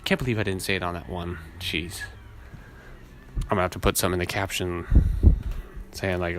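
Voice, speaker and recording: A man with a naturally low voice hosting a casual solo podcast, rambling and laid-back, swearing often. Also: normal speed, pauses often, noisy background. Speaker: podcast host. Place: outdoors in a city, weed whacker nearby.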